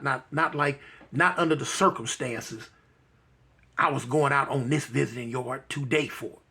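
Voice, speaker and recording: Halting, soft-spoken man telling a story. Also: fairly high pitch. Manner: halting, repeats words, many fillers. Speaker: guest telling his life story. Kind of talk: emotional personal storytelling.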